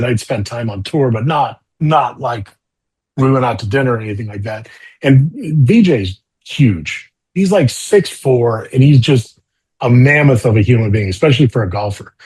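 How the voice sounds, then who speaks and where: A man in an interview telling animated stories about his golf career, with lots of fillers. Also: medium pitch, slightly rough. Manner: animated storytelling with many fillers. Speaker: golfer guest. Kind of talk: storytelling interview talk.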